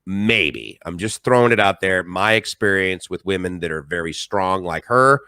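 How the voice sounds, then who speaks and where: A man's voice: sits low, lively intonation, normal speed, sharp tone, clear, resonant tone, dry recording, studio quality. A middle-aged man telling stories on a live stream in a rambling, emphatic and emotional way. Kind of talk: casual live-stream monologue.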